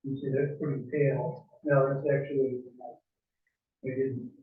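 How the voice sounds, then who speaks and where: A man's voice: mid-range voice, little pitch movement, measured pace. Rambling older man demonstrating to a club. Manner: rambling, chuckling, many fillers. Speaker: woodworking club presenter. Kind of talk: informal demonstration talk. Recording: echoey room, far from mic, phone-like.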